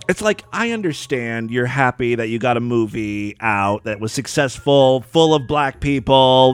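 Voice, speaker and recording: A man hosting a crude comedy podcast, talking in an irreverent, rambling, sarcastic way. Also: mid-range voice. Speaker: podcast host. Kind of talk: crude comedic news and voicemail show.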